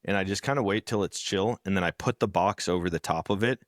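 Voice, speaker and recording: A man's voice: low-pitched, quick pace, dry recording, clean studio sound. Man telling stories on a podcast. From rural background. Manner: storytelling, animated when acting out others. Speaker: podcast co-host. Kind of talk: casual chat.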